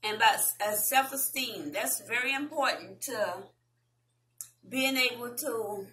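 A woman with a Southern US accent, chatting casually with viewers as a vlogger and reading an article aloud in a slow, deliberate way. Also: a little high, pushed and bright, slight background noise, poor audio.

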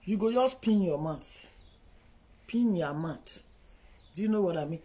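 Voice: medium pitch, expressive, a little slow, warm tone, breathy edge, poor audio. A speaker with a Nigerian accent lecturing online commenters in a scolding, repetitive monologue.

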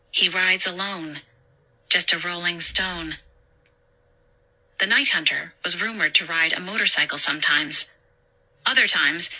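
A woman tells a horror story in a steady, measured voice. Her tone is sharp and bright, set a little low for a woman. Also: rough recording. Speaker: narrator. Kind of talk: scripted horror story narration.

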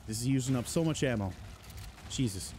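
Jumpy, animated male gamer. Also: medium pitch, brisk, slight background noise. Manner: jittery, panicky running reactions; talks to enemies on screen. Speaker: gaming channel host. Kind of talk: let's play commentary.

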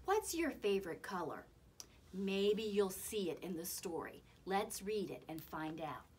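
A woman leading a children's story time, singing and talking slowly in an exaggerated, sing-song way. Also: medium pitch, sing-song, darkish tone, a little hiss or hum. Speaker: children's librarian.

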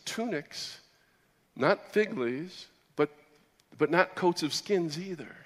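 A man preaching his personal testimony as a sermon, moving between loud excited bursts and low, quiet storytelling. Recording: long hall reverb.

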